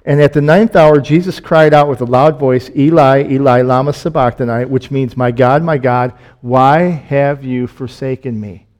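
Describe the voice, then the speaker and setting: A man preaching a sermon, reading scripture aloud and explaining it in a conversational way. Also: medium pitch. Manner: reads scripture aloud, then explains it in plain, conversational asides; drops to a soft, slow hush on solemn points, rises when excited.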